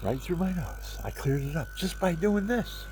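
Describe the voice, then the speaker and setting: A man's voice: fairly high pitch, very animated, moderate pace, a little mellow, slight background noise. An older man with a stuffy nose, rambling chattily at home in a casual vlog and showing things as he talks. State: stuffy nose, talking through his nose.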